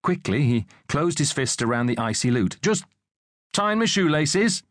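A man's voice: a little high, very animated, unhurried, no echo, studio quality, voice pushed up. A male narrator voicing a cheeky, sarcastic teenage schoolboy who cracks jokes. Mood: innocent. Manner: sarcastic, wisecracking.

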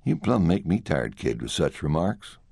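A man's voice: a bass voice, sing-song, moderate pace, vocal fry, darkish tone, dry recording, clean studio sound, exaggerated voice. A man voicing a folksy outlaw sidekick who chides his partner, in an audiobook. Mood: chiding.

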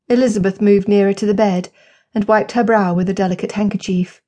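A woman reading an audiobook as narrator, with measured, gentle storytelling. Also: mid-range voice, steady tone. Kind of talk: scripted narration.

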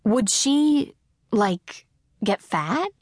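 A woman's voice: fairly high pitch, lively intonation, drawn-out words, dry recording, studio quality, exaggerated voice. Woman doing a chatty sardonic teen girl. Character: sardonic self-mocking teenage girl.

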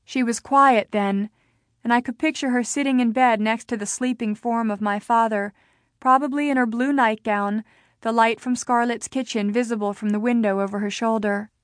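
A woman narrating a novel in the first person, with an even storytelling delivery. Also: fairly high pitch, moderate pace, dry recording, studio quality. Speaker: audiobook narrator.

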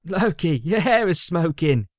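A man voicing a small, nervous henchman who whines and complains in a high voice. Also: very animated, measured pace, no room sound, clean studio sound. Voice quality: high, whining. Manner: panicky, complaining.

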